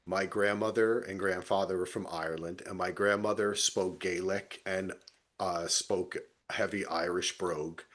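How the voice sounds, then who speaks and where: A man co-hosting a podcast, telling stories in a relaxed, enthusiastic, casual way. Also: deep voice, a little slow. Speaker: podcast co-host. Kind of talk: casual chat.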